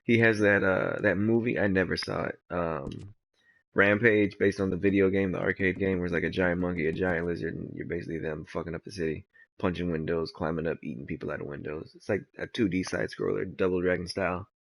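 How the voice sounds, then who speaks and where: A man's voice: deep voice, fairly even intonation, brisk, vocal fry. A man giving casual, rambling gameplay commentary, laid-back and swearing freely. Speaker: gamer.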